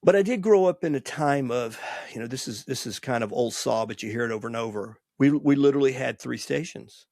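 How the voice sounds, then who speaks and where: A man's voice: mid-range voice, a little fast, vocal fry, a little mellow, no room sound, studio quality. A man in his sixties from the Washington, D.C. area, hosting a podcast and telling rambling, nostalgic stories in a casual monologue. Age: 60s. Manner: rambling, digressive, nostalgic storyteller. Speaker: podcast host and college baseball coach.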